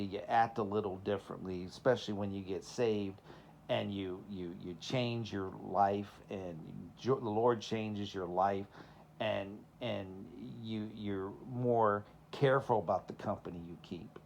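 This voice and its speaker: A man with a Southern accent preaches in a relaxed, conversational sermon. He mixes stories from his own childhood with moral lessons and keeps throwing rhetorical questions at his listeners. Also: on the low side, slight background noise. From Texas. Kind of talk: informal sermon with personal stories.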